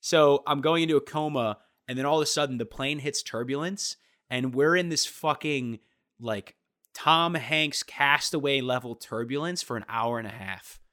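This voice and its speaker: A man's voice: medium pitch, moderate pace, sharp tone. A young man in a casual chat, telling a travel story with lots of swearing and acting out the people he met.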